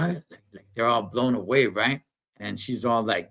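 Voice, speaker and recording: A man's voice: medium pitch, normal speed, fairly bright tone. A man, rambling through a profane, slangy story in a casual livestream rant. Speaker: streamer.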